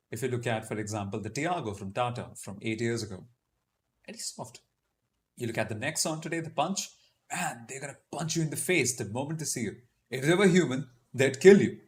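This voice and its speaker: A man with a Delhi Indian English accent hosting a casual live Q&A, chatty and joking as he explains and sounds out words. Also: mid-range voice. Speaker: host of a live Q&A.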